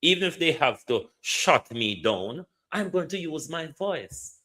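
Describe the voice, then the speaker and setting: A man's voice: fairly high pitch, very animated, measured pace, sharp tone. A man with a Jamaican accent hosting political commentary, lecturing and firing pointed questions at his listeners.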